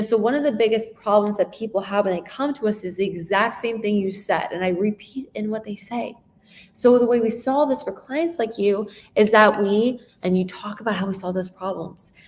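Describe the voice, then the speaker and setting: A woman giving a live sales training talk, very expressive, shifting her tone and emphasis and checking in with frequent rhetorical questions. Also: mid-range voice, a little hiss or hum. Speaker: sales coach.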